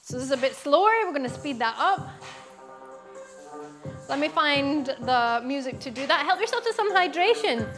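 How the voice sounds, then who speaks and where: High-voiced woman teaching a dance class. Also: expressive, moderate pace, over music. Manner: encouraging, counts beats aloud while demonstrating. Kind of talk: online dance class instruction.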